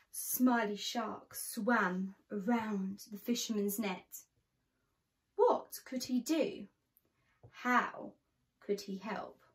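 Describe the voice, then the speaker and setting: A woman reading a picture book aloud to children, slow and expressive with a sing-song lilt. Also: mid-range voice. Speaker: children's storyteller.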